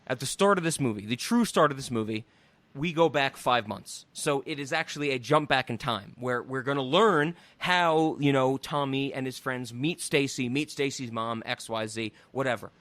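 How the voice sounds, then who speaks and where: A man hosting a podcast, retelling a comedy film in an animated, incredulous way. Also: medium pitch, moderate pace, no room sound. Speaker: podcast host. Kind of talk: casual chat.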